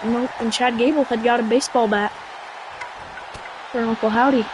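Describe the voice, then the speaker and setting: A storyteller narrating a wrestling match play by play, excitable and breathless, shouting sound effects. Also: mid-range voice, normal speed, background noise.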